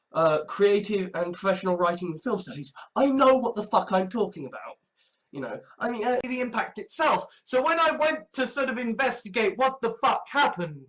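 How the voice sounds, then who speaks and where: A man's voice: sits high, fairly bright tone, poor audio. A young man, rambling through monologue clips with heavy swearing and many restarts. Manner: profane, rambling, with frequent restarts. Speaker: amateur sermon vlogger.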